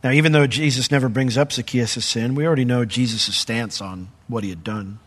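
Man preaching, middle-aged, mid-pitched voice, lively storytelling, soft in the personal parts. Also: a little fast. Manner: animated storyteller, voice jumps up when acting out the crowd; drops to a soft, hushed tone for personal testimony. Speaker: pastor. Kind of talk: sermon.

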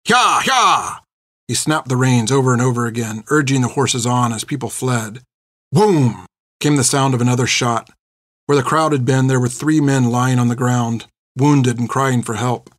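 Steady male story narrator, dry sound. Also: medium pitch, normal speed, no echo. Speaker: audiobook narrator. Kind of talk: scripted narration.

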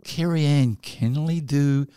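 A man co-hosting a podcast, rambling playfully and cracking quick jokes in casual chat. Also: fairly high pitch, mellow, slight background noise. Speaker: podcast co-host.

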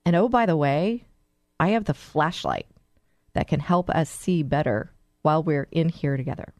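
A woman voicing a calm, confident coach who speaks in a steady, reassuring way in a story. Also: low-pitched, moderate pace, dry recording.

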